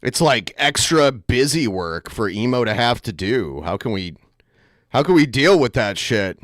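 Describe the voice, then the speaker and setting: A man's voice: mid-range voice, sing-song, a little slow, fairly bright tone, no echo, studio quality. A man hosting a livestream, cracking jokes at his co-host and thanking viewers. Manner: wisecracking, teasing co-host. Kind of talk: casual livestream chat.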